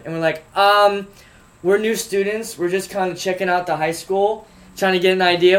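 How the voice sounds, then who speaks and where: A man's voice: sits high, brisk. A man co-hosting a casual talk show, telling stories and reading out odd lawsuits in a joking way. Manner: animated, joking storyteller. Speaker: podcast co-host. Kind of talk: casual storytelling chat.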